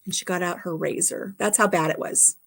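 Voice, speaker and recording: A woman's voice: fairly low pitch, fairly even intonation, brisk, creaky, fairly bright tone. A middle-aged American woman chatting casually with her viewers, telling a long rambling story and repeating her phrases. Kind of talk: casual chat.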